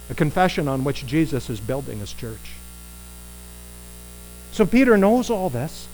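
A man preaching a conversational sermon, animated and putting rhetorical questions to his listeners. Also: a little high, normal speed, long pauses, a little hiss or hum, poor audio.

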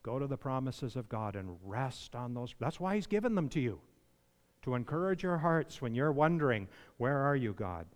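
With a medium-pitched, slightly mellow voice and lively intonation, a male pastor preaches at a moderate pace. The long hall reverb carries a sermon that is conversational at first, then emphatic and pleading when he voices others, with questions aimed at his listeners.

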